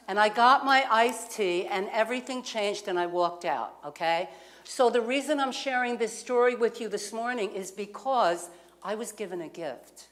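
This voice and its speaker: A woman's voice: medium pitch, normal speed, fairly bright tone. New woman minister telling a story. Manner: conversational, asks the congregation questions. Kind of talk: sermon with personal storytelling. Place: community center lounge.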